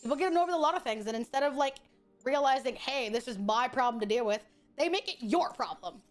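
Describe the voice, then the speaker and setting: A woman's voice: high voice, animated, fast, faint music behind. A woman streamer chatting casually while gaming, blunt, profane and opinionated. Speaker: VTuber streamer.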